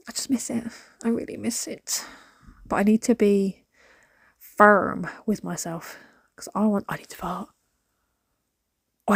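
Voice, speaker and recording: A woman chatting casually to the camera while she declutters, rambling and sometimes dropping to a soft whisper. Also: mid-range voice, creaky, slightly rough, dry recording, clean studio sound. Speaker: vlogger.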